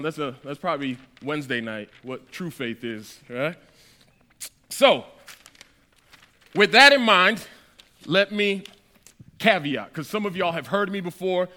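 A man's voice: a little high, sharp tone. A man preaching a conversational, playful sermon to a church gathering. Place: church hall.

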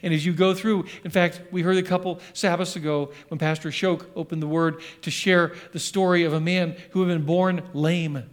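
A middle-aged man, a pastor, preaching a sermon in an animated way, acting out scripture voices. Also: on the high side, moderate pace, few pauses. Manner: animated, acts out scripture voices, sings along.

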